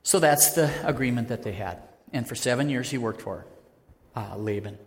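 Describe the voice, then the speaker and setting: A man preaching a sermon in an earnest, conversational way that rises to loud, emphatic peaks. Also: mid-range voice, normal speed. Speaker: pastor. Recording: long hall reverb.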